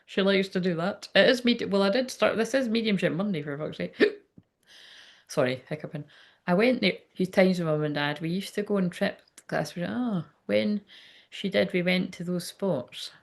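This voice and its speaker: A woman's voice: mid-range voice, fairly quick, gravelly. A woman medium chatting casually during a live reading, rambling, laughing often and swearing freely. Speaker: psychic medium.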